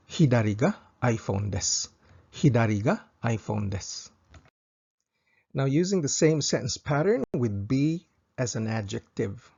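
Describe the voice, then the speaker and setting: Male language tutor: husky, gravelly, patient, repeats each phrase twice, dull lo-fi recording. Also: medium pitch, a little mellow. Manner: slow, careful, repeats each example twice for practice. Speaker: Japanese language teacher.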